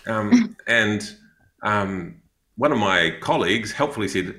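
A man's voice: on the low side, animated, unhurried, a bit bright, reverberant. A man with a New Zealand accent telling a story in a casual chat, rambling with many fillers and restarts. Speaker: podcast co-host, missionary.

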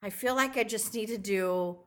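Chatty woman co-host, bright tone, animated storyteller. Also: medium pitch, normal speed. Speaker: podcast co-host. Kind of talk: casual chat.

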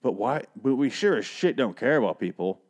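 A man's voice: mid-range voice, expressive, a little fast, darkish tone. A man casually recapping a TV episode, rambling and sarcastic, with frequent swearing. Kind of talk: casual commentary.

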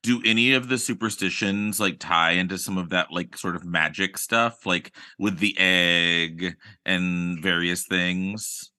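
A man co-hosting a podcast in casual chat, animated and playful. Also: low-pitched, unhurried, hardly any pauses. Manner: animated, playful, jumps into silly bits. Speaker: podcast co-host.

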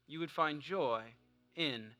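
A man preaching a sermon, swinging from loud fervent exhortation to a hushed, conversational story. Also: a little high, takes it slowly, faint music behind. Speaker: pastor.

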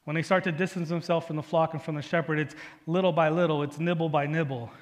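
A male pastor giving a sermon in a conversational, storytelling way, often checking in with the congregation with a quick "right?". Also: fairly high pitch, steady tone, in a large hall. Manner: conversational preaching with personal stories and frequent "right?". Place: church sanctuary.

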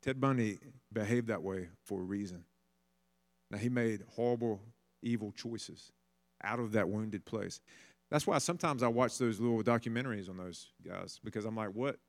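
A man's voice: lowish voice, normal speed. Conversational male preacher. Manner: conversational storytelling, acts out voices. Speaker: pastor. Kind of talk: sermon.

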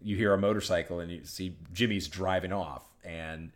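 A man with a very deep voice chats casually on a podcast. He rambles, trips over his words and restarts them, and drops into short acted-out quotes. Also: normal speed. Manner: rambling, restarts sentences, acts out movie lines. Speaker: podcast co-host. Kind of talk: casual chat.

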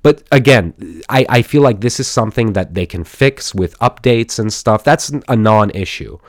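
A man's voice: lowish voice, lively intonation, moderate pace, no echo, studio quality. A man hosting a casual solo podcast, rambling enthusiastically with many fillers and restarts. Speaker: podcast host.

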